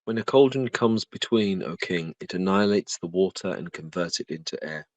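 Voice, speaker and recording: A man giving an even, formal scripted reading of a verse translation. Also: low-pitched, moderate pace, poor audio. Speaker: reader.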